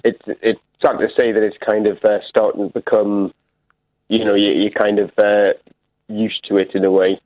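A man's voice: on the low side, level tone, normal speed, no room sound. Hesitant man on a phone line. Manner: hesitant, many fillers.

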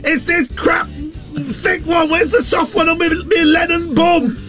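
A man doing a comic impression of a grumpy male Beatle with a Manchester accent, nagging and shouting for toilet paper. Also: very high-pitched, fairly even intonation, over music, pitched above the performer's own voice. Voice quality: shouty, nagging, drawn-out calls.

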